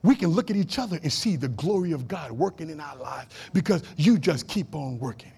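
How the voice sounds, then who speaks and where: A male pastor with a notably high voice preaches to his congregation in a church. He repeats short calls to action and swings between loud, driving emphasis and quiet, low asides. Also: expressive, a little fast, gravelly, husky. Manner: preaching with rising and falling intensity, repeating short exhortations. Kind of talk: sermon.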